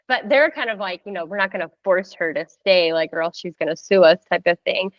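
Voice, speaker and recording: A woman in her thirties telling her birth story in a casual, animated way, full of "like" and acted-out quotes. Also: fairly low pitch, a little fast, few pauses, no room sound, dull audio. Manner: animated, heavy use of "like", acts out quoted voices. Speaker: podcast guest sharing a birth story.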